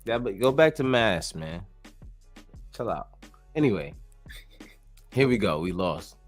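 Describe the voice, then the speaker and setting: A man hosting a casual sports podcast, talking in an animated, slangy, joking way. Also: lowish voice, unhurried, soft background music. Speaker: podcast host.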